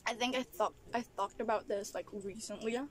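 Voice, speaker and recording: In this casual eating vlog, a Filipino vlogger chews her food and rants, exasperated, breaking into laughter again and again. Her mid-range voice moves a little fast with fairly even intonation, recorded from a camera at an angle.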